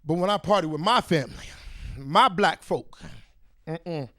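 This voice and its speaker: A male comedian works a club stage with boisterous, animated storytelling. His voice sits high for a man, and he talks right to the crowd through a handheld mic. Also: a little slow, dry recording, studio quality. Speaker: stand-up comedian. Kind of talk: stand-up comedy set.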